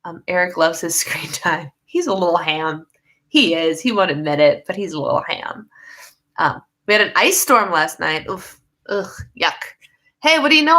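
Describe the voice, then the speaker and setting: A young American woman hosts a casual livestream from home, reading viewer comments aloud and rambling, often laughing mid-sentence. Her voice is medium-pitched, bright and forceful.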